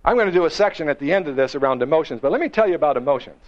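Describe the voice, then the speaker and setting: A man giving a motivational seminar to a live audience, emphatic and full of rhetorical questions, slowing and quickening for effect. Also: a little high, lively intonation. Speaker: motivational speaker. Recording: dull lo-fi recording.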